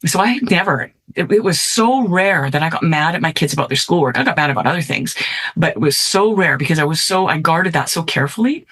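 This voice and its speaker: A woman's voice: low voice, lively intonation, a little fast, fairly bright tone, breathy edge. A middle-aged woman, a podcast guest, tells a personal story earnestly and reflectively, often checking in with "right?". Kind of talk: storytelling in conversation.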